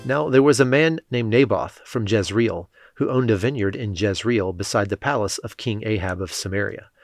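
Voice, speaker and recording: Guy reading bible passages, low voice, steady and measured, dry close sound. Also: no echo, faint music behind. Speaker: scripture reader. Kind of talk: scripted narration.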